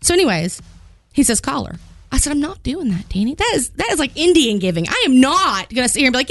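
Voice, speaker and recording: Animated woman telling a story. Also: fast, no room sound. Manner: animated, acts out quoted voices with big pitch jumps. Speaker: radio show co-host. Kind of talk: casual storytelling on a morning show.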